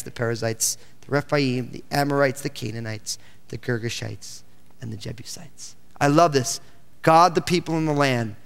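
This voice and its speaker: A man's voice: mid-range voice, fairly bright tone, smooth. Preaching man in an echoing church. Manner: expository preaching, reading scripture aloud and exclaiming. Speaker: pastor. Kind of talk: sermon. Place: church sanctuary. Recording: church hall with long reverb.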